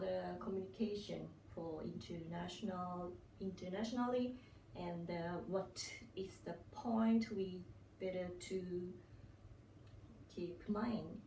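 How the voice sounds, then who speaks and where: Japanese-accented woman, vlog host, slow and pausing, distant mic in an echoey room. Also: medium pitch, dark tone, slight background noise. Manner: unhurried, many pauses and fillers, frequent laughs. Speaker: channel host. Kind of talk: casual storytelling vlog.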